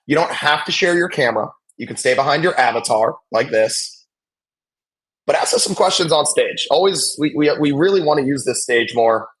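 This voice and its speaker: A man hosting a live basketball watch-along, chatting casually and calling plays with excitement. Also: on the high side, moderate pace. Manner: chatty, excitable, reacts loudly to big plays.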